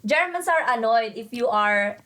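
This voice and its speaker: A woman's voice: on the high side, expressive, normal speed, fairly bright tone. A woman co-hosting a podcast, prompting others with questions in casual chat. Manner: prompting questions, light laughs. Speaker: podcast co-host.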